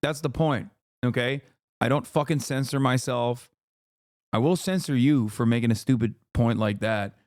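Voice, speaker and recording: A man's voice: medium pitch, normal speed, a little mellow, no echo, clean studio sound. A man giving heated commentary while reacting to clips, angry, emphatic and full of swearing.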